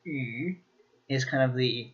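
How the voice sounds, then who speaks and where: A man teaching a casual video lesson takes his time, speaking slowly and filling pauses with ums and restarts. His voice sits at an average pitch, and the recording sounds a little dull and lo-fi. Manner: relaxed, lots of ums and restarts. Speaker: language teacher.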